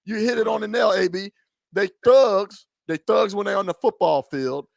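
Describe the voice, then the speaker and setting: A man hosting a political talk show, animated and mocking, often stumbling over his words. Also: high voice, moderate pace, gravelly, dry recording, studio quality. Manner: animated, mocking, stammering restarts. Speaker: podcast host. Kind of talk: heated political commentary.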